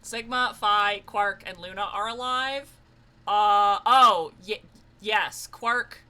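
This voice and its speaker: A young woman streaming a game, excitable and loud, swearing, laughing and screaming as she plays. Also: mid-range voice, slow, smooth. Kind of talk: let's play commentary.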